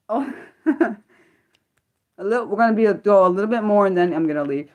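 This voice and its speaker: A young woman from the United States talks to her livestream viewers in loose, unscripted chat. Her voice swings widely in pitch as she bursts into disbelief and then trips over her own restarts. She sounds animated and excitable throughout. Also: a little fast, long pauses, muffled recording. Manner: excitable, incredulous outbursts, stumbling restarts. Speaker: livestream host. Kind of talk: casual livestream chat reading viewer comments.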